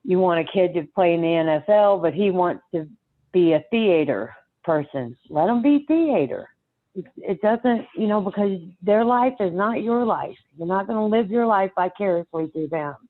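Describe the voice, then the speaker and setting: An older woman, the host's mother, speaking earnestly and gently as a guest in a casual podcast chat. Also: on the low side, expressive, moderate pace. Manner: earnest, gives gentle parenting advice. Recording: tinny phone line.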